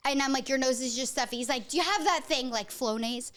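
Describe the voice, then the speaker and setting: A mother and podcast host telling a story in a rambling, animated way with lots of "like". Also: high voice, fast talker, soft background music. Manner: animated, rambling, heavy use of "like". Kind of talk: casual storytelling chat.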